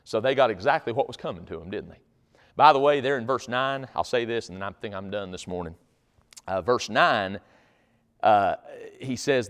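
A male pastor preaching in a folksy, conversational tone. His voice swings widely in pitch. The long reverb of a big church hall trails every line. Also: fairly bright tone. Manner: folksy, conversational, acts out little scenes. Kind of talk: sermon.

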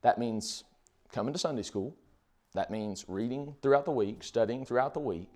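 A man's voice: medium pitch, moderate pace, a little mellow. A man preaching a sermon in a conversational way, full of rhetorical questions.

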